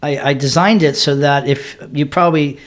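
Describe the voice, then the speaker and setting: A man being interviewed as a guest, telling his story candidly with earnest emphasis and quick restarts. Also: fairly high pitch, fairly even intonation. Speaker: podcast guest, author.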